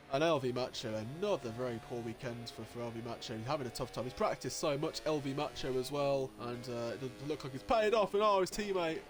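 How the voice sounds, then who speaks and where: A man giving live commentary on an online motorcycle race, getting excitable and jumping high at the overtakes, with race engine noise behind him. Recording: noisy with engine sounds behind. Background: racing game engine noise.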